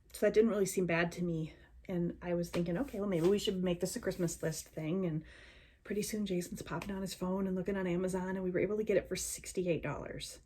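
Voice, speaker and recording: A woman's voice: on the low side, darkish tone, slightly rough. A woman book vlogger talking casually and with enthusiasm, with lots of ums. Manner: chatty, enthusiastic, many ums. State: hiccuping. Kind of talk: casual chat.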